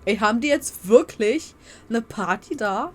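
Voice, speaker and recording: A woman playing a story game and chatting about it, with lively reactions and quick asides. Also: on the high side. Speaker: video game streamer. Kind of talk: casual let's-play commentary. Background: faint game music.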